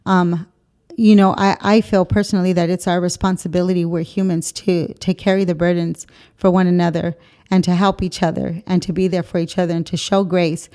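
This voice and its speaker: A woman's voice: fairly low pitch, flat delivery, a little fast, warm tone. A woman being interviewed as a guest, talking about her work and giving short affirming replies. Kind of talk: interview conversation.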